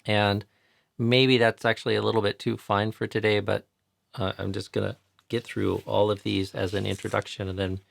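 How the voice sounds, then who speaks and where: An American man teaching chanting pronunciation patiently in a live online tutorial, repeating each sound slowly to demonstrate it. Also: fairly low pitch, creaky. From United States.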